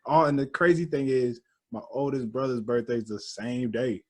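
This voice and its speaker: Husky laid-back podcast co-host man. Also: medium pitch, moderate pace. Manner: laid-back, animated storytelling with slang. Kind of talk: casual chat.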